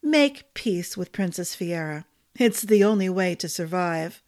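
Audiobook: woman reader as a soft-spoken older lord, pleasant and unhurried. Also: lowish voice, animated. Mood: advising. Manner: quiet, pleasant, gently warning.

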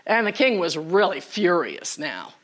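Woman storyteller, live class, animated, quizzes listeners, very lively pitch. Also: measured pace. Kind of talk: live folktale telling to a class. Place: college classroom.

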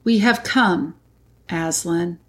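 A woman's voice: lowish voice, slow pace, a bit bright. A woman reading aloud, voicing an earnest young boy who is the eldest brother, speaking in urgent half-whispers. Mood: hushed, earnest.

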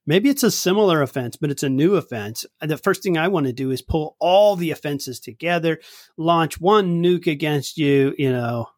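A man co-hosting a casual podcast chat, animated, laughing easily and acting out quoted lines. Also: fairly high pitch, normal speed, no room sound, studio quality. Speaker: podcast co-host.

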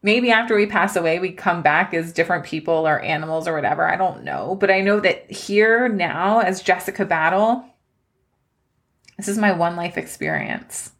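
Low-voiced woman, earnest and tearful. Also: very animated, normal speed, fairly bright tone. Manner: earnest, emotional, tearful at times. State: close to tears. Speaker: podcast host. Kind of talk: personal life-update podcast.

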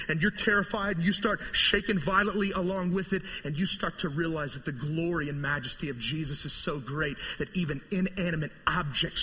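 Husky preacher man in a reverberant hall. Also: a little high. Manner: vivid storytelling, swings between soaring and hushed. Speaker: pastor. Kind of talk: sermon.

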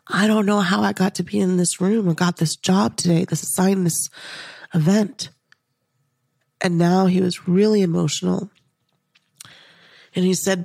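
Husky, gravelly woman telling a story. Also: on the low side, little pitch movement, moderate pace, pauses often, no echo, clean studio sound. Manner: earnest, intimate, slips into soft whispers when quoting herself. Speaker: podcast host. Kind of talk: emotional personal storytelling. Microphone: podcast microphone.

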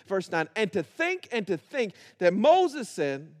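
A man's voice: sits high, very animated, a little slow, few pauses. A man preaching a sermon, acting out biblical characters and building to rhythmic repetition. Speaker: pastor.

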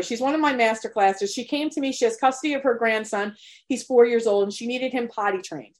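A woman coaching parents in a live webinar, talking in an earnest, motivational way and swearing openly. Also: fairly high pitch. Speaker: potty training coach.

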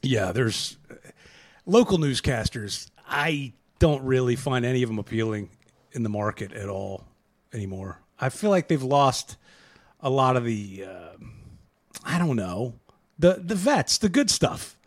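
Lively-voiced man co-hosting a podcast. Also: medium pitch, measured pace. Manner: joking, laughs often, drifts into corporate jargon. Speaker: podcast co-host. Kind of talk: casual chat.

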